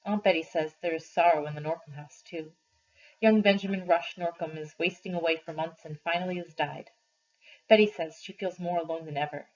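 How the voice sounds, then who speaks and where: A woman teacher reading a novel aloud to her class, slowly and expressively, on a dull lo-fi recording. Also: fairly low pitch, a little hiss or hum. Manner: slow, deliberate expressive reading.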